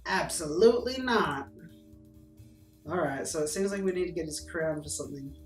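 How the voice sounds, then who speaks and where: A woman's voice: sits low, quick pace, darkish tone. A woman casually commenting as she plays a game, hesitant and musing, with frequent fillers. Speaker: gameplay streamer. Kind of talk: casual let's-play commentary. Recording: roomy, distant mic with game music.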